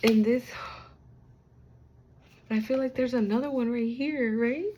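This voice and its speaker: A woman's voice: on the high side, fairly even intonation, measured pace, dark tone, a little hiss or hum. A young woman giving a casual spiritual card reading to the camera, talking in a loose, slangy way, swearing freely and speaking straight to the viewer.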